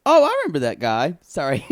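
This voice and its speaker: A man's voice: fairly high pitch, wildly swooping pitch, fairly quick. A man co-hosting a podcast in a campy, playful casual chat, often breaking off with apologetic asides. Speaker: podcast co-host.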